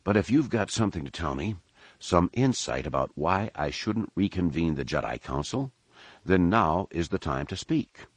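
A serene master and mentor , as a male narrator voices him, deep and unhurried, speaking with quiet sincerity. His warnings come gently rather than harshly. The recording is dry and close. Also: lively intonation, breathy edge, no room sound. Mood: calm. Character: calm, wise middle-aged male master and uncle.

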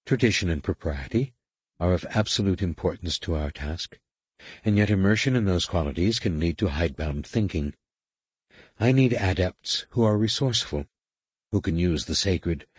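A man voicing a stern, middle-aged female master shaper who speaks in a measured, quiet, authoritative way. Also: deep voice, animated, breathy edge, no echo.

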